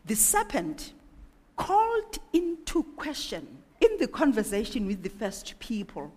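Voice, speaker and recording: A woman preaching a sermon, asking one rhetorical question after another with animated delivery. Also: mid-range voice. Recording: echoey hall with long reverb.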